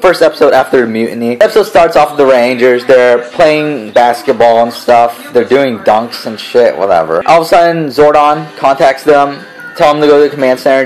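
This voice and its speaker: A man's voice: mid-range voice, a little mellow, low-quality recording. A man giving a casual spoken review, ranting in an exasperated, profane way. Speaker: show reviewer.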